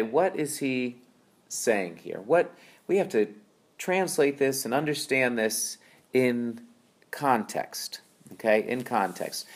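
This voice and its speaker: Male Bible teacher, casual, chatty delivery with fillers and "right?" checks, mid-range pitch. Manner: conversational, with frequent fillers and tag questions.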